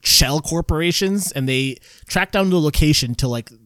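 A man's voice: a little high, normal speed, a bit bright, clear, resonant tone, no room sound, studio quality. A man casually recapping a TV episode in a rambling way, with lots of fillers and laughter. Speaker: podcast co-host.

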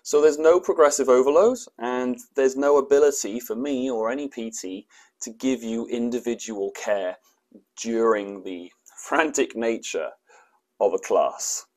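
A man's voice: mid-range voice, measured pace, darkish tone. A man who is a personal trainer, hosting a fitness show and explaining his points in a casual, conversational way with frequent fillers. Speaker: personal trainer, podcast host.

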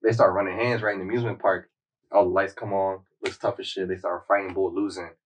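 A young man in casual chat, retelling a show in a loose, slangy, animated way. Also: low voice, fast talker, recorded from a distance, slight background noise, rough recording. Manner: loose, slangy storytelling with frequent "like" and laughter. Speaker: podcast co-host recapping a show.

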